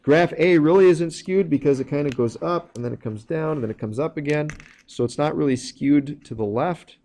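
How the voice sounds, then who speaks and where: Warm-toned and a little high, a man's voice proceeds at a moderate pace through a recorded math lesson. He walks through the steps plainly, with some fillers.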